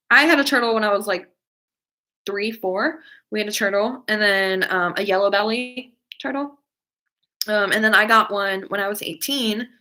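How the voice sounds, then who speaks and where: A woman's voice: mid-range voice, sharp tone. A young woman hosting a casual live stream, chatting in a rambling way full of "like" and "um" and reacting to viewer comments. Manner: rambling, heavy use of "like" and "um".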